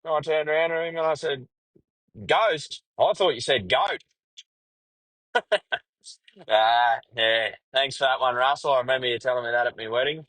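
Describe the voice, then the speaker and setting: An Australian man hosting a podcast on his own, blunt and foul-mouthed, wandering from gripe to yarn. His voice sits at an everyday middle pitch and comes through dry and close, with no room sound around it. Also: a little fast, a bit bright, dry recording, rough recording. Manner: blunt, heavy swearing, rambling storyteller. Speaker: podcast host, truck driver. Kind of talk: casual solo podcast monologue.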